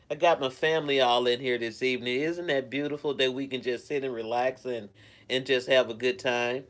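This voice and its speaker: A man's voice: medium pitch, steady tone, a little fast, fairly bright tone. A man chatting casually at home on a live stream, rambling in a caring way and greeting viewers by name. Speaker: live streamer reading chat.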